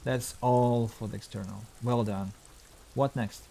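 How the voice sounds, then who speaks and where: A calm and precise police lieutenant from a video game speaks in a dry, measured manner, as a man reads him. The delivery stays even and matter-of-fact, at a middling pitch. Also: gravelly, a little hiss or hum.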